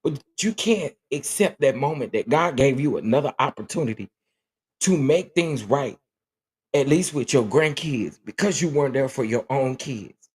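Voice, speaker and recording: Husky-voiced emotional male livestream host. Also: mid-range voice, lively intonation, moderate pace. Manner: emotional, earnest, repeats himself. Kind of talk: casual livestream chat.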